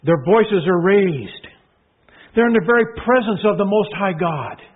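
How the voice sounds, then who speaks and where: A man preaching a sermon, emphatic, repeating phrases and swinging from hushed to loud proclaiming. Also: high-pitched, expressive, a little slow, breathy edge. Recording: tinny phone-like sound.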